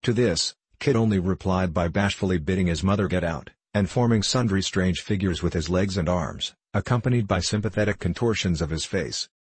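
A man reading a classic novel aloud as an audiobook narrator, in a steady, measured way. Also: deep voice, husky, no echo. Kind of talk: scripted narration.

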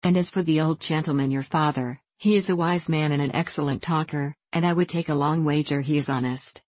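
A woman's voice: deep voice, fairly even intonation, fairly quick, dry recording. A woman voicing a courteous, self-mocking middle-aged prince in a storybook reading. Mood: wry. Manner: courteous, gently teasing.

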